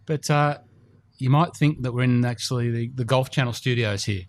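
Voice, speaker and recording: A man's voice: medium pitch, moderate pace. Chatty man hosting a podcast. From Australia. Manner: chatty, rambling with fillers. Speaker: podcast host. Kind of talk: casual podcast chat. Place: indoor golf simulator studio.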